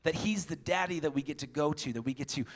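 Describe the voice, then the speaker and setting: Young male pastor, slightly high voice, lively storytelling sermon, laughing and voicing the people in his stories, long hall reverb. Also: fast. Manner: animated storytelling, acting out dialogue, laughing often.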